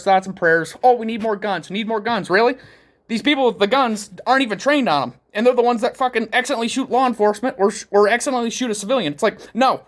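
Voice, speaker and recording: A vlogger delivering a heated, profane political rant, repeating points over and over. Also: medium pitch.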